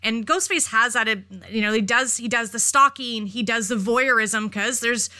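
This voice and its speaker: A woman's voice: fairly high pitch, normal speed, sharp tone. A woman co-hosting a podcast in casual conversation, speaking emphatically, with rhetorical questions and some casual swearing. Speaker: podcast co-host. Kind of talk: casual chat.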